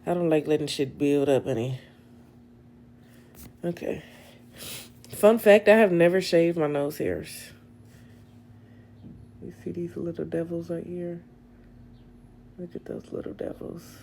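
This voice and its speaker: A young woman chatting to her viewers on a phone livestream, blunt and freely profane. Her voice is gravelly with a dark, mellow tone, and she takes her time between words. Her speaking voice sits on the low side. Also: a little slow, long pauses, a little hiss or hum. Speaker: livestream host. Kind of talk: casual livestream chat. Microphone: phone camera.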